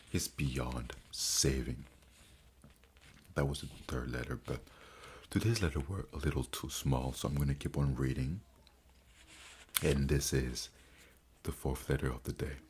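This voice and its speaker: Very deep-voiced man reading letters slowly. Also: a little mellow, a little hiss or hum. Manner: slow, halting reading with restarts. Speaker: book reader and commentator. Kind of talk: reading letters aloud with commentary.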